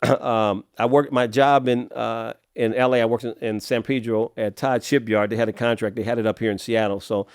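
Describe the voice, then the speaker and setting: A middle-aged man from Los Angeles, a podcast guest telling his life story in a casual, streetwise way, often clearing his throat. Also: mid-range voice, fairly even intonation, moderate pace, hardly any pauses, no room sound, studio quality. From Los Angeles, USA.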